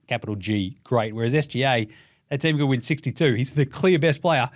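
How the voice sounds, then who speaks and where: A young Australian man hosting a casual basketball show, talking fast and loose with lots of swearing and mocking impressions. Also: medium pitch, no room sound, studio quality. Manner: profane, animated, mocking impressions. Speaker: podcast host. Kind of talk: casual sports commentary.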